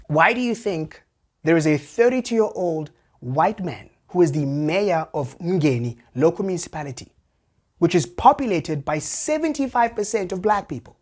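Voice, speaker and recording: A young man hosting a satirical comedy show, delivering a wry, animated monologue. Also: fairly high pitch, moderate pace. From South Africa. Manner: wry, animated, jumps into voices.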